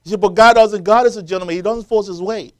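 A man's voice: high voice, fairly even intonation, quick pace. A man preaching a sermon, quoting scripture and building to emphatic, rising peaks as the congregation answers.

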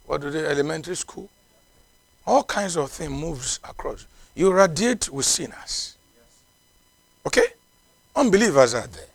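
High, lively male preacher. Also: dry recording. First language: not English. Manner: emphatic preaching with repeated exclamations. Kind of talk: sermon.

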